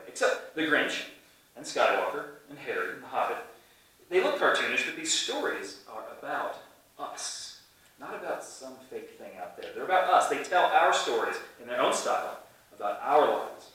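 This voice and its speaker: A man's voice: mid-range voice, sing-song, moderate pace, sharp tone. A man preaching a sermon as pastor, chatty and playful, with many restarts. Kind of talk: casual storytelling sermon. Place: church sanctuary. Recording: echoey church from a distance.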